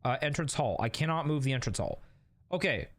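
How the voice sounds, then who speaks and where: A man's voice: mid-range voice, lively intonation, fairly quick, fairly bright tone. A man streaming a video game, chatting casually, thinking aloud and reacting to his chat while reading on-screen text.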